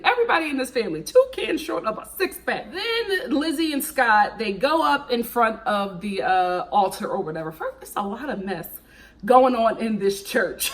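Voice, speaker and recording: A woman hosting a casual reality TV review, sassy and animated, laughing often and acting out what the cast said. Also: on the high side. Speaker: reality TV recap host.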